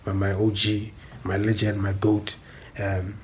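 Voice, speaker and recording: On a stream, a South African man goes on an angry rant, blunt and emphatic, cursing and saying the same things over and over. His fairly low voice is completely flat and measured in pace, with a little hiss or hum in the recording.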